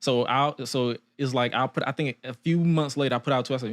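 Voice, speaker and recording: A man's voice: mid-range voice, fairly even intonation, fairly quick. Young man telling stories on a podcast. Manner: loose, storytelling with quoted asides and frequent laughs. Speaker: podcast host. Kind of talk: casual chat.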